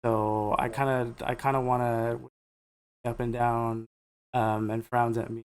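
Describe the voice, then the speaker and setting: A man's voice: mid-range voice, little pitch movement, unhurried, clear, resonant tone. A man playing a tabletop game, speaking hesitantly with restarts as he decides his moves. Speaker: player. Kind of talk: casual tabletop chat.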